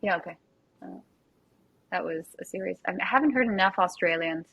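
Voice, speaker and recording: A woman hosting a casual chat, chatty and quick to quote herself. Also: fairly low pitch, creaky, breathy edge, no room sound, lo-fi sound. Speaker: host.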